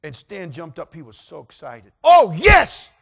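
A middle-aged man preaching, telling a story and acting out voices with animated delivery. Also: fairly high pitch, normal speed, gravelly, breathy edge. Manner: animated, acts out voices in anecdotes. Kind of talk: sermon storytelling.

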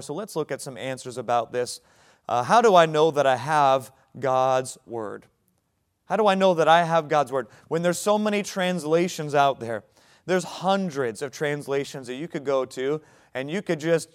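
A man's voice: on the high side, clean tone. A young adult male pastor preaching a sermon, talking conversationally and building to emphatic points.

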